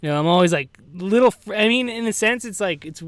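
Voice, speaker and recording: A man's voice: high-pitched, animated, fairly quick, no echo. A man hosting a podcast alone, rambling casually and subdued with grief, cursing often and saying "dude". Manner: rambling, profane, peppers talk with "dude" and "like"; subdued and grieving. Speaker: podcast host. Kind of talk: casual solo podcast monologue. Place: at home with farm animals nearby.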